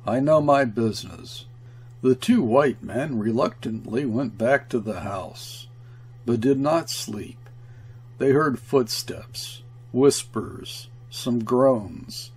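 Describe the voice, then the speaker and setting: A man reading a classic short story aloud as narrator, measured and deliberate. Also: medium pitch, animated, husky. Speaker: audiobook reader. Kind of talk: literary narration.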